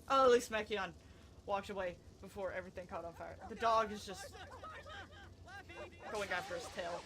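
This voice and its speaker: A woman's voice: mid-range voice, moderate pace, a little hiss or hum. A young woman giving casual, giggly commentary over a life-simulation game she is playing. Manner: giggly, excitable, chatty with frequent laughs. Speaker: gameplay commentator.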